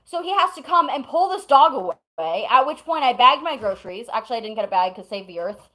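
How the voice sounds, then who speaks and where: A woman's voice: a little high, expressive, fairly quick, a bit bright, low-quality recording. Woman streamer telling a long story. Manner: rambling, breaks off to talk to chat and pets. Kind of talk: casual storytelling to chat.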